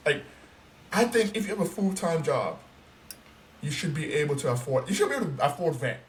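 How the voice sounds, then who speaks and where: Profane, animated young man ranting. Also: fairly high pitch, fairly quick. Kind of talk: casual ranting chat. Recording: roomy, distant mic, faint noise.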